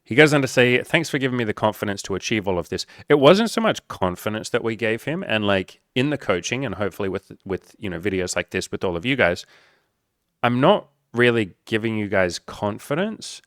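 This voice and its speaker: A man's voice: fairly low pitch, lively intonation, a little fast, a bit bright, dry recording, clean studio sound. A young adult man, a dating coach, talking casually to camera, full of fillers and mild swearing, acting out little dialogues. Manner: casual, profane, lots of likes and filler; acts out quoted dialogue with voice shifts. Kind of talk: casual video talk.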